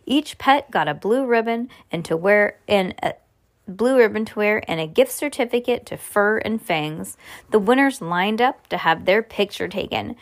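A woman reading a children's storybook aloud at home, expressive and lively with casual chatty asides to a child. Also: on the high side.

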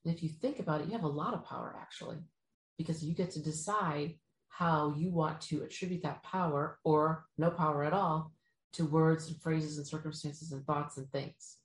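A woman's voice: sits low, fairly even intonation, normal speed, reverberant, poor audio. A woman giving casual motivational advice, often checking in with "right?" and acting out what other people might say. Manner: acts out quoted people in bouncy voices, frequent "right?". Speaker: speaker giving life advice.

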